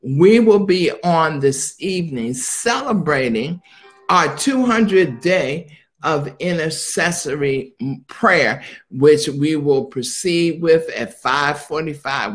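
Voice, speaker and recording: A man's voice: fairly high pitch, animated, takes it slowly. A male minister preaching a live-streamed sermon in a call-and-response style, sometimes dropping to a near-whisper.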